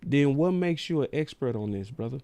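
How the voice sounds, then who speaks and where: A man's voice: mid-range voice, a little fast, smooth, dry recording. Guy doing sports talk rant, fired up and slangy, dry close mic. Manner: animated, ranting, slangy. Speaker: sports show host. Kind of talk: casual sports commentary.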